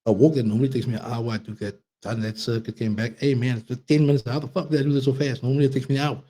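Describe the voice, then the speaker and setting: A man's voice: medium pitch, steady tone, racing, warm tone. A man, talking in a rambling, profane casual monologue full of restarts. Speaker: vlogger.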